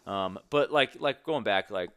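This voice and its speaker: Young man, very deep voice, dry close sound, earnest, rambling, candid podcast guest. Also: animated, measured pace, a bit bright, dry recording. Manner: earnest, rambling, many restarts. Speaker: podcast guest, strength coach. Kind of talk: candid conversational interview.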